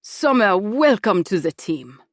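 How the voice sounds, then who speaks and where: A woman's voice: mid-range voice, sing-song, unhurried, no room sound, clean studio sound. A woman reading an audiobook, voicing a sixty-year-old male gallery owner who is suave and condescending. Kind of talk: audiobook narration.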